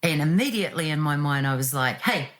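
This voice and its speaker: A woman, telling her own story in an animated, reflective way and acting out what was said. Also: low voice, fast. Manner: animated, acts out quotes with laughs.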